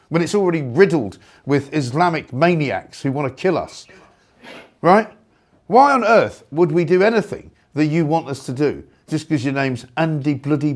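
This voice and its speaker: Ranting man with a lively, sarcastic voice. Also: a little high. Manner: indignant, sarcastic, shouting rhetorical questions. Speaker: talk show host. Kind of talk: opinionated ranting monologue.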